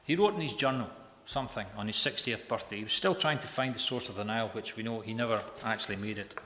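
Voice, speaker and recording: A man's voice: fairly low pitch, fast, a bit bright, a little hiss or hum. A man telling a story as a sermon in a large hall, emphatic, repeating phrases for effect. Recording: echoey hall with long reverb.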